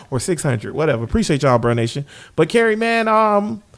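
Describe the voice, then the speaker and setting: Man, podcast host, joking, laid-back, slangy, slightly high voice. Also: very animated, unhurried. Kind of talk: casual interview.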